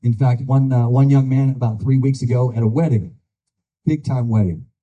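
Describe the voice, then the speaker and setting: Older male candidate, folksy earnest stump speech, very dark husky tone, muffled lo-fi sound. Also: mid-range voice, normal speed. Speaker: political candidate. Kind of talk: campaign speech.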